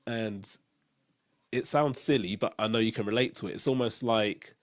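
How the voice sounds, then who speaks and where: A man hosting a casual chat, sharing memories with many pauses and fillers. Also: on the low side, no echo. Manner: hesitant, many fillers and restarts, soft-spoken. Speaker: podcast host.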